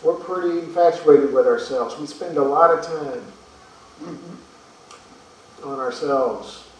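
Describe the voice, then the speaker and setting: In a fairly high voice and at a slow pace, a pastor preaches earnestly, repeating words and asking rhetorical questions. He's recorded from far off in a room with echo.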